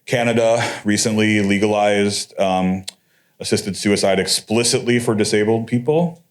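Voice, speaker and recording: Man lecturing at a conference, lowish voice, loose and chatty delivery, dry sarcastic asides. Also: normal speed. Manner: conversational, with wry sarcastic asides. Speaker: conference speaker. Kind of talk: academic lecture.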